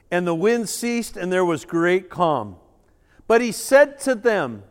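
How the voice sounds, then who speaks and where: High-voiced man preaching in a hall. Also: slow, smooth. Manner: dramatic scripture reading, animated asides to the congregation. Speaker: pastor. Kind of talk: sermon. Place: church sanctuary. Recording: reverberant church hall.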